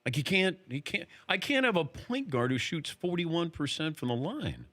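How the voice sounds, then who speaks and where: A man hosting a casual interview, firing quick questions and laughing often. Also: fairly high pitch, big pitch swings, fairly bright tone. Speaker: host.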